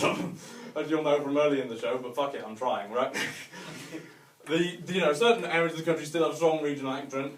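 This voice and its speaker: A man doing a rambling, self-mocking stand-up set with lots of fillers, in a hotel venue room. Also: medium pitch. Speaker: stand-up comedian. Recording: echoey room mic from a distance.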